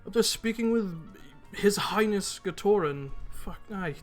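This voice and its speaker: Man voicing a fed-up female admiral, raised pitch, grumbling and disdainful, faint music behind. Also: lively intonation, unhurried. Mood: exasperated. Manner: irritated, grumbling complaints.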